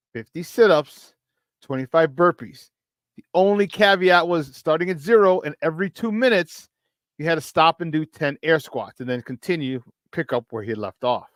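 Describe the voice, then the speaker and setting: Brief: male sports talk show host, high-energy and laughing, dry close sound. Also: dry recording. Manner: hyped, shouting out chat viewers with frequent laughs.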